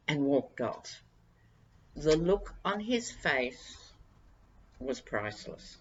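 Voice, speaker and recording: Woman, low voice, unhurried, wry, chatty vlog host, muffled recording. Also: big pitch swings, slight background noise. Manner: chatty, wry, addresses viewers directly. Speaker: tarot reader and vlog host. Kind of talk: casual monologue to viewers.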